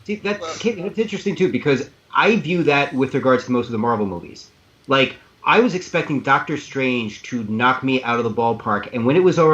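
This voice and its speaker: A man on a video-call panel who rambles and argues his opinions in a casual way. His voice sits at an ordinary middle pitch. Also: a bit bright, muffled recording, slight background noise. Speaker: panel guest.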